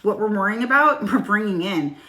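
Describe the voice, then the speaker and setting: A woman's voice: mid-range voice, animated, a little fast, sharp tone. A middle-aged woman giving a casual live-stream tarot reading, talking frankly and swearing freely as she addresses viewers by name. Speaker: tarot reader. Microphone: phone.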